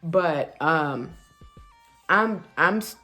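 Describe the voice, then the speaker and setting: A woman vlogger telling a candid personal story in a chatty, animated way. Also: deep voice, extremely slow, soft background music. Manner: chatty, animated, with frequent fillers and quoted dialogue.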